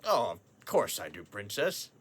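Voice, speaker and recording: With a low-pitched, slightly rough full character voice that's very animated, a young actor plays a rich, forgetful old father in a school play over a video call. He keeps a measured pace, gruff and doting, blustering, stammering, snapping, then cooing.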